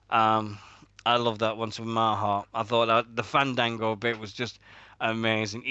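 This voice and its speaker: British guy chatting on a radio show, bright punchy voice, swears a lot, dry close mic. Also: mid-range voice, clean tone, dry recording, highs cut off. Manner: swearing, rambling, laughs at own stories. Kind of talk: casual podcast banter.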